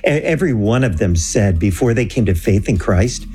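A man telling a story in an earnest, animated way on a Christian talk show, acting out the dialogue. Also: on the low side, normal speed. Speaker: guest telling a mission story.

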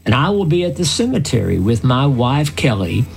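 This older male radio commentator spins his tales at an unhurried pace, earnest and folksy. He speaks at medium pitch, sing-song in rhythm, with vocal fry running through it.

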